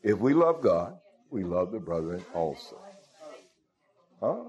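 A man's voice: deep voice, big pitch swings, takes it slowly, darkish tone, lo-fi sound. A male pastor preaching a sermon, calling out to the congregation and chuckling as he goes. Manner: call-and-response, asks the congregation "Huh?" often, chuckles.

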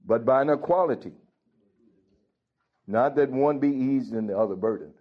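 Stern pastor, blunt and scolding, mid-pitched man, muffled lo-fi recording. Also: moderate pace. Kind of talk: sermon. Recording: dull lo-fi recording.

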